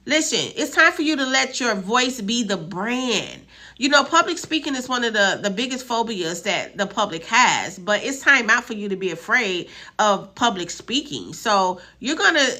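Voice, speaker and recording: Bright-voiced woman preaching motivation. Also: fairly high pitch, expressive, normal speed. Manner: emphatic and repetitive, preacher-like exhortation; directly addresses viewers with frequent "right?". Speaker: publishing company head hosting a live stream. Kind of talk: motivational live-stream talk.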